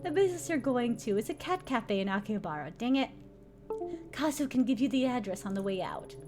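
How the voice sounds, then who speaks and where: A woman's voice: a little high, animated, brisk, music in the background, lightly acted. Woman reading as a silky, menacing yakuza boss lady. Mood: mocking. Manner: silky, mocking, coolly threatening.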